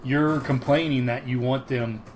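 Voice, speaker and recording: A man's voice: medium pitch, steady tone, unhurried, slight background noise, rough recording. A man co-hosting a podcast, casually recapping a sitcom episode, rambling with many ums and frequent laughs. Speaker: podcast co-host.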